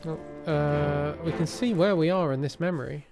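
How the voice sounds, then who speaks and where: A man's voice: on the high side, moderate pace, over music. A man thinking aloud as he plays a game, muttering his deductions and swearing casually. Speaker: let's play streamer. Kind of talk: thinking-aloud gameplay commentary.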